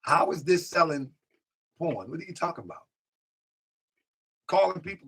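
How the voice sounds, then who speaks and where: A man with a slightly higher voice hosts a casual live stream. He repeats his phrases, answers chat, and now and then drifts away from the mic. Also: animated, moderate pace, gravelly, a bit bright, breathy edge.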